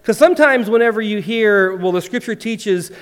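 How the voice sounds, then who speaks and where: A man delivers a sermon in a high, light voice, telling a joke with animated acted-out lines before teaching. The sound carries a long reverb, as in a big hall. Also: normal speed. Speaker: pastor.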